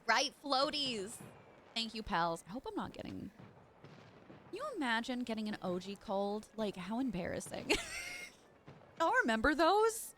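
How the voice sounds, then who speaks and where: A woman's voice: a little high, sing-song, unhurried, pauses often, noisy background. A young woman streamer chatting playfully while she plays, sounding congested. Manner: chatty, playful asides to chat. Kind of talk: casual live game stream commentary.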